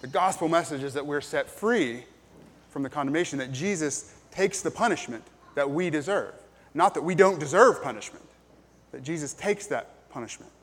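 A man's voice: on the high side, animated, moderate pace, slightly rough, long reverb tail, soft background music. A man preaching a sermon as pastor, earnest and plain-spoken, with frequent ums and restarts.

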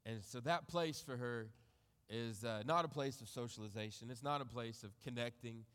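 A pastor with a clear, resonant, medium-pitched voice preaches in a large hall, reading scripture aloud and reflecting on it. His delivery is measured, and his phrases drift off softly at their ends.

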